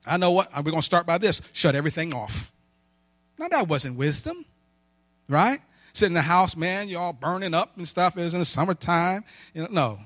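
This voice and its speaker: A man's voice: high-pitched, lively intonation, moderate pace, a bit bright, no echo. A man preaching a sermon with personal stories, emphatic and in call-and-response style, often asking questions and answering them himself. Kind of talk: sermon with storytelling.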